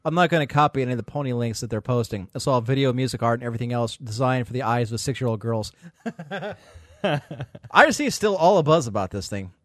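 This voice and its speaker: A man's voice: medium pitch, lively intonation, fast, no room sound, clean studio sound. A man hosting a podcast in casual chat, blunt and scornful, swearing freely. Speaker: podcast host.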